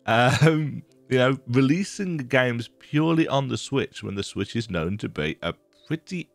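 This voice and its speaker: Stuffy-nosed man, low voice. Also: no echo. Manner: rambling, thinking aloud with restarts. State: stuffy nose from a cold. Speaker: gaming video creator. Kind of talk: casual reaction commentary.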